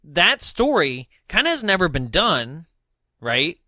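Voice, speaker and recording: Young male podcast co-host, bright and slightly high, laughing chatter, dry close sound. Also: very animated, no room sound. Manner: laughs often, talks fast in bursts. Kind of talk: casual chat.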